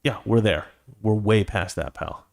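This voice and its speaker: On the low side and a little slow, this host's voice has vocal fry as he fumes through a heated, indignant political monologue on his own commentary show.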